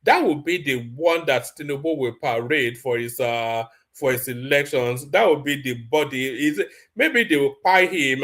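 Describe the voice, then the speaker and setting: A man's voice: mid-range voice, a bit bright. A man hosting live political commentary, reading headlines aloud and giving his blunt opinion. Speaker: host.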